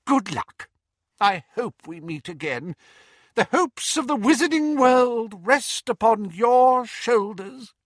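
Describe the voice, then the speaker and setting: A man voicing an excitable, flustered old wizard who talks in a bright, fussy way in a storybook reading. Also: very high voice, slow pace, no room sound, studio quality, voice pushed up, heavily acted. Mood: hurried.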